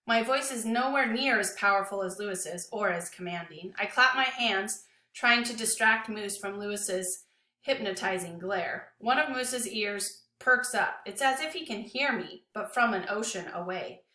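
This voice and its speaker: A woman teacher reading a novel aloud to her class with an expressive, dramatic delivery. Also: mid-range voice, unhurried, reverberant.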